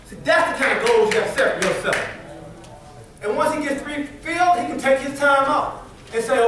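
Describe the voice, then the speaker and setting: Male sales trainer, very high voice, talks from far off in a booming hall. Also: moderate pace. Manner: animated, colloquial, quizzes the audience. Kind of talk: motivational training talk.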